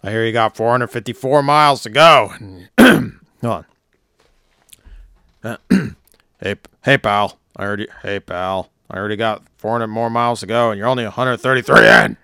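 A brash, booming wrestling boss bellows and hollers with hyped-up swagger, as a hoarse man puts him on. The voice is gravelly and cutting, recorded dry and close. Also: animated, moderate pace, bright, forceful tone, no room sound, full character voice. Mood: bellowing, hyped.

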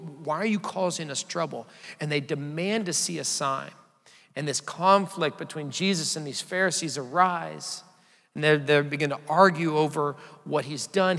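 A male pastor with a somewhat high, gravelly voice delivers a sermon in a relaxed, conversational way and invites the congregation to answer aloud. His voice carries a long reverb from a large church hall.

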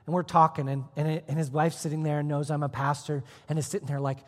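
A man pastor preaching a sermon, telling a personal story with sudden swings between hushed, almost whispered lines and loud, emphatic ones. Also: fairly high pitch, little pitch movement, fast, long reverb tail. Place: church auditorium.

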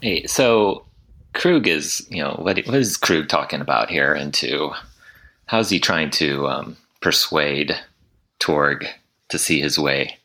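Very deep, bright-toned man. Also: expressive, slow pace. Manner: hesitant, lots of ums. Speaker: podcast co-host. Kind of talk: casual chat.

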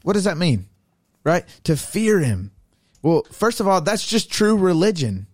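Brief: young man, podcast co-host, lively retelling, slightly high, dry sound. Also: measured pace, no room sound. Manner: animated retelling with laughs. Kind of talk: casual Bible study chat.

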